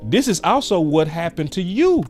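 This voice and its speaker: Young male podcast host, slangy storyteller, fairly high voice, light music underneath. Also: normal speed. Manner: animated, slangy, storytelling with quoted exchanges. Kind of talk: casual heated chat.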